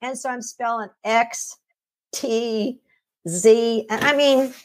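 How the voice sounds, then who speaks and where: A middle-aged woman telling her own story as an interview guest, animated, laughing often and acting out what others said. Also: fairly high pitch, slow. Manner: animated, laughs often, acts out quoted voices. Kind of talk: personal story in conversation.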